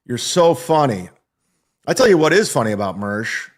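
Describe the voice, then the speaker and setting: A man's voice: medium pitch, sing-song, moderate pace. A stand-up comedian man in a casual monologue, boastful and defensive, swearing freely. His voice sits in an ordinary middle range for a man.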